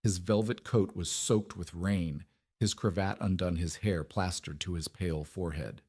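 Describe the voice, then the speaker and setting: A man narrating a scripted story in an even, measured way. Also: low voice, breathy edge, dry recording, studio quality.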